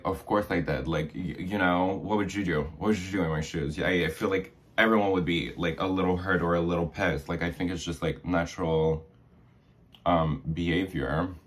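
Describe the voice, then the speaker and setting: A young man with a low, slightly bright voice vlogs while doing his makeup. Chatty and dramatic, he retells a story and acts out the quoted dialogue.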